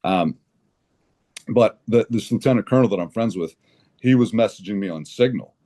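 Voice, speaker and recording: Low-voiced man telling a blunt story. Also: normal speed. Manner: animated storyteller, frequent restarts and repetitions; indignant, blunt. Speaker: podcast guest. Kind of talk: conversational podcast interview.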